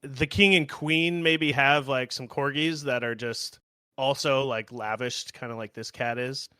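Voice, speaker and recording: A man with a bright, crisp, resonant voice talks through a movie plot on a podcast. He speaks close to the mic with no room sound. His delivery is relaxed and hesitant, often trailing off. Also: mid-range voice, unhurried, dry recording. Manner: laid-back, hesitant, trailing into "I don't know". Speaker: podcast co-host. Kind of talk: casual movie recap chat.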